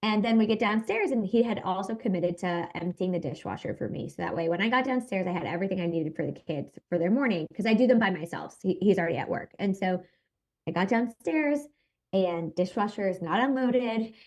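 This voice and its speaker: A woman in her thirties, a podcast guest, telling a personal story in an animated, emphatic way. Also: mid-range voice, brisk. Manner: animated, emphatic retelling with acted quotes. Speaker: podcast guest, content creator.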